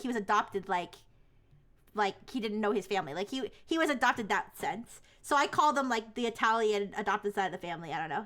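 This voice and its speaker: High-voiced woman chatting on a livestream. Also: pushed and bright. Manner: rambling, laughs often, lots of "like". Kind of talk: casual livestream chat.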